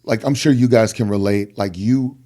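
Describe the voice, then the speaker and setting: A middle-aged man, a guest rapper, telling personal stories in an earnest podcast conversation and acting out the people he quotes. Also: normal speed. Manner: earnest, animated, acts out quoted people with big pitch jumps. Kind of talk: candid podcast storytelling.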